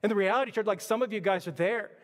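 A man's voice: sits high, very fast, big-room sound. A man preaching a sermon as pastor, emphatic and repetitive, with stammered restarts.

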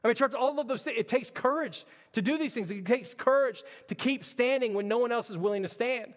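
A man's voice: extremely high pitch, brisk, big-room sound. A man preaching a sermon as pastor, emphatic and repetitive, with stammered restarts.

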